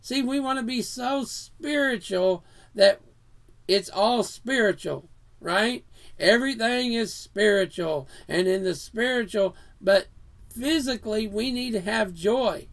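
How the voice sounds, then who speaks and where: A man's voice: high voice, a little slow, vocal fry. A man preaching an earnest sermon in a house of worship, reading scripture verses aloud.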